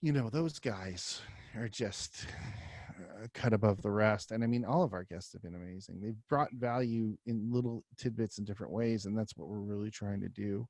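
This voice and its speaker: A man's voice: on the low side, normal speed, a little mellow, no echo. Rambling casual male podcast host. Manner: loose, rambling, lots of fillers.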